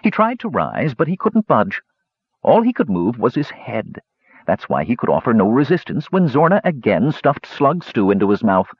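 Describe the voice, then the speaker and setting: A man reading a fantasy story aloud with expressive storybook narration. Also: medium pitch, normal speed, breathy edge, no echo. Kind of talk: audiobook narration. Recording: dull lo-fi recording.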